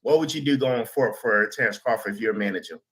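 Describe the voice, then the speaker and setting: A man's voice: lowish voice, fast, a bit bright. A man hosting a casual interview show, chatting and reading out viewer questions. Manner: conversational, reads viewer questions. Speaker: show host.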